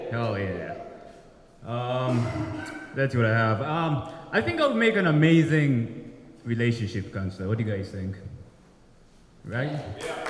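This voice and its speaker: Lively, chatty stand-up man in a bar. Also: medium pitch. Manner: chatty, checks in with the crowd, laughs at own lines. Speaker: stand-up comic at an open mic. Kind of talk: stand-up comedy set. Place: brewery bar with live audience. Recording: echoey bar with faint room noise.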